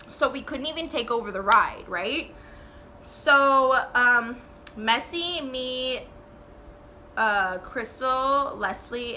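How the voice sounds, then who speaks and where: Bright high-voiced young woman telling a story. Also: a little hiss or hum. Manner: animated, swearing, full of "like" fillers. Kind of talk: casual storytime vlog.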